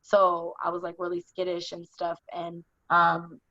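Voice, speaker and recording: A young adult woman telling her own story in conversation, in a halting, earnest way full of "like". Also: on the low side, completely flat delivery, fairly bright tone, no echo. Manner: halting, earnest, heavy use of "like". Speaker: interview guest. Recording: dull, dry lo-fi recording.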